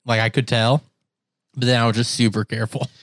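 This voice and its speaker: A young man telling a story in casual chat, animated, laughing and mimicking other voices. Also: mid-range voice, brisk, no room sound, clean studio sound.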